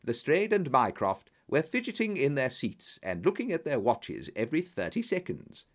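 Expressive male audiobook narrator. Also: medium pitch, moderate pace. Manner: expressive storytelling.

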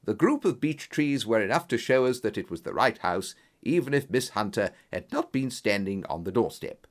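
Expressive male storyteller. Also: on the low side. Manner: measured, expressive, voices each character. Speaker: audiobook narrator. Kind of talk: scripted narration of a detective story.

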